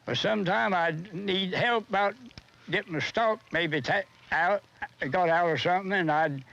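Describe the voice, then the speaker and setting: Old guy, high voice, slow and halting, muffled old film sound. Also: creaky, a bit bright. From North Carolina. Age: older. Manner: halting, slow storytelling with stumbles. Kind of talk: documentary interview.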